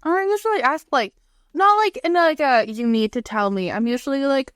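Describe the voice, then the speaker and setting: A young woman co-hosting a podcast, with a somewhat high voice and a chatty, filler-heavy way of talking as she acts out her own replies. The sound is close and dry. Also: a little fast, fairly bright tone, dry recording. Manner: chatty, full of "like", quoting her own retorts. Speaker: podcast co-host. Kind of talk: casual chat.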